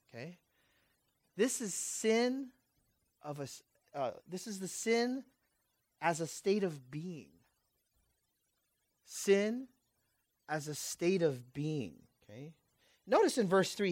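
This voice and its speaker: A man preaching a sermon with passion, swinging between loud urgent peaks and hushed asides, and throwing rhetorical questions at his congregation. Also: sits high, no echo.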